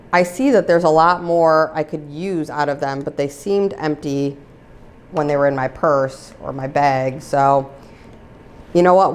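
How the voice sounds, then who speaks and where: A woman vlogger chatting casually about used-up products, rambling with lots of filler words and getting heated over things she can't buy anymore. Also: low voice. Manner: gets heated and exasperated over discontinued products. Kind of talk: casual chat.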